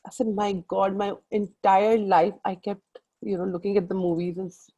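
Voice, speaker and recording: A middle-aged Indian-accented woman coaching a group over a call. Her voice is soft and mellow, and she talks in long, earnest, rambling runs, often calling out to her listeners directly. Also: mid-range voice, little pitch movement, normal speed, breathy edge, poor audio. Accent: Indian English. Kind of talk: motivational group call talk.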